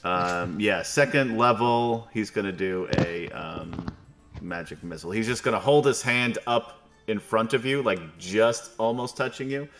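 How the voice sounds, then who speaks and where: A man's voice: fairly low pitch, a little slow, over music. A man acting as game master, narrating a tabletop game in a loose, thinking-aloud way.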